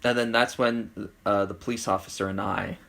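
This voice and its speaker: Chatty man telling a lively story. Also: on the low side, moderate pace, gravelly. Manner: animated storyteller, acts out voices. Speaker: podcast co-host. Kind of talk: casual chat, telling a story.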